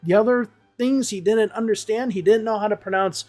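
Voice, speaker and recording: A woman's voice: mid-range voice, brisk, darkish tone, faint music behind. A woman English teacher giving casual reaction commentary, blunt and exasperated and swearing freely.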